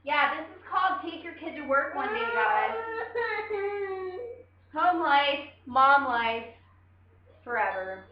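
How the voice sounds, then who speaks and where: A woman's voice: high-pitched, expressive, takes it slowly, long pauses, muffled recording, slight background noise. A woman hosting a casual live video chat, talking frankly and rambling straight to her viewers. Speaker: host.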